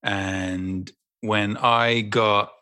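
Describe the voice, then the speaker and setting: A man chats about acting in a low but bright, forceful voice. His talk rambles and turns self-deprecating. The sound is dry and close. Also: fairly even intonation, drawn-out words, no echo. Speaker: actor and guest. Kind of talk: casual interview chat.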